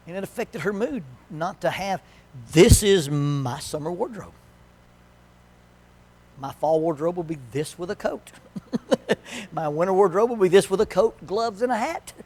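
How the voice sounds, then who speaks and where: A man with a slightly higher-pitched voice leads a church marriage workshop in a relaxed, conversational way. He is folksy and joking, and he drops into quick acted quotes. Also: slight background noise.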